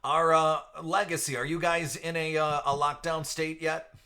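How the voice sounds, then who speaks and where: A man's voice: on the high side, flat delivery, normal speed, bright, forceful tone. A man hosting a casual live stream, chatting with viewers by name and laughing often. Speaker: live stream host for card breaks. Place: at home.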